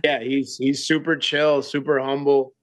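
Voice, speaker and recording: A man's voice: mid-range voice, little pitch movement, unhurried, dry recording, poor audio. Laid-back man chatting about training. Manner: laid-back, full of fillers and restarts. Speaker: guest fighter. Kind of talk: casual chat.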